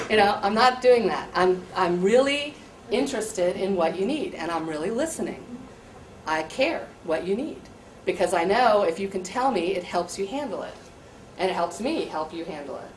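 An American woman, a high school teacher, explaining in an earnest, conversational way how she handles students. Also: animated, normal speed. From USA. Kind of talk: explaining classroom practice to visitors. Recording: echoey room, distant mic, light hum.

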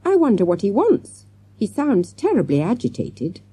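Woman voicing a flustered, hearty male teacher in a storybook reading; dark, husky, lively tone. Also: medium pitch, moderate pace, no echo, voice pushed up, heavily acted. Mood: brisk. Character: flustered polite male schoolteacher.

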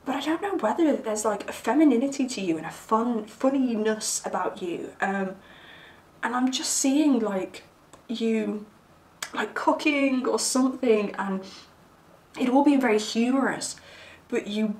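A woman giving a casual tarot reading, chatty and giggly, rambling with plenty of fillers. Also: mid-range voice. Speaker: tarot reader. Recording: roomy sound, mic at a distance, faint background hiss.

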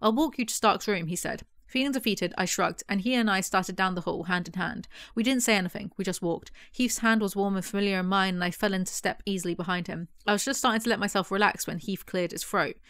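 A woman's voice: mid-range voice, fast talker, hardly any pauses, fairly bright tone, no room sound. Sarcastic woman reviewing a book. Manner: sarcastic, mocking asides. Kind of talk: casual book review, reading passages aloud.

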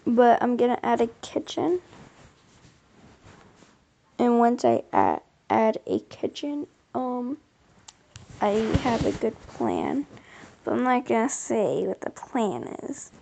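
A woman with a high voice and a gravelly edge talks through a game at an unhurried pace. Her commentary is casual and rambling, drifting between musings to herself and asides to the people watching. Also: wildly swooping pitch, warm tone. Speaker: gameplay video host.

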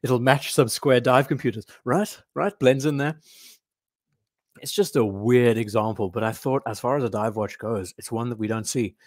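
On a casual watch livestream, a man with a mid-range voice rambles and thinks aloud at a normal speed in a steady tone, pausing his own remarks to read out and answer chat comments. He is recorded close and dry, with no room sound at all.

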